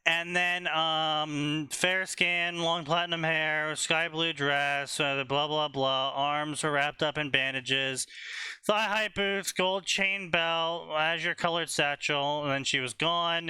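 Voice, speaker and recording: A man's voice: a little high, takes it slowly, sharp tone, clean tone, dry recording. A man casually reading fanfiction aloud and summarizing it with sarcastic asides and lots of fillers. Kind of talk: casual comedic reading and commentary.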